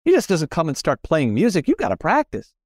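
A man hosting a casual interview, talking with enthusiasm and sudden leaps in pitch. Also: huge pitch swings, a little fast, no echo, studio quality. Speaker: podcast host. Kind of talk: casual conversation.

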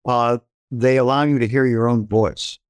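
A man speaking in a reflective, advising way during a relaxed talk, his voice at an ordinary middle pitch. The sound is dry and close to the mic. He lays out his points calmly, one after another. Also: moderate pace, smooth, no echo. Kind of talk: casual conversation.

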